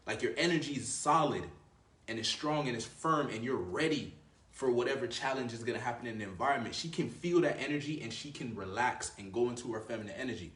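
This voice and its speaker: A man talking straight to the camera with swagger and bluntness, swearing freely and leaning on filler words as he coaches. His voice sits at a middle pitch, and the sound bounces around a roomy, echoey space. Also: a bit bright. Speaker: dating coach. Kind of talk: casual advice monologue.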